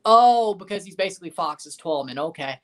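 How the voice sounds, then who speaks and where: A man's voice: high-pitched, animated, fairly quick, a bit bright. A man hosting a livestream watchalong, reacting to a soccer match and answering chat in a blunt, opinionated way that circles back over the same points. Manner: opinionated, blunt, repeats himself. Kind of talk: casual live match reaction and chat replies.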